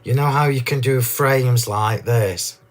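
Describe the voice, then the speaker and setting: A man at an ordinary mid pitch runs a live card-making demonstration, chatting away and gushing over every detail. His voice is slightly hoarse, as he is losing it. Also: a little slow, soft background music. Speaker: crafting demo host.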